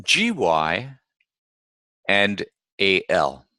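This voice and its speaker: Male English teacher, lowish voice, unhurried and deliberate, carefully sounds out example words. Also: very animated, sharp tone, no room sound. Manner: deliberate, models words by repeating them slowly. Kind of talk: slow instructional lesson.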